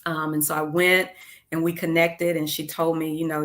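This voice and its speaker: A woman's voice: low-pitched, little pitch movement, normal speed, a bit bright. A middle-aged woman, an education leader interviewed as a guest, telling earnest stories with frequent ums and uhs. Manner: earnest, many fillers like um and uh. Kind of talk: interview storytelling.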